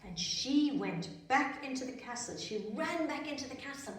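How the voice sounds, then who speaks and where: A woman telling a story to young children, slow and expressive, adding sound effects. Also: sits high. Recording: echoey room from far off.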